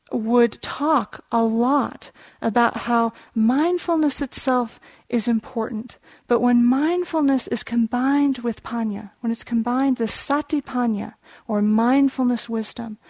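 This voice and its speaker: Gentle woman meditation teacher, close and dry. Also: a little high, no echo. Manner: gentle, unhurried storyteller; explains contemplative terms. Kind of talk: dharma talk storytelling.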